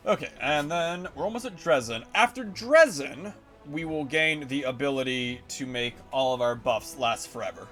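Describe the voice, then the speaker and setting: A man streaming a game live, reacting excitedly and swearing often. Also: medium pitch, normal speed, soft background music. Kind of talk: live gameplay commentary.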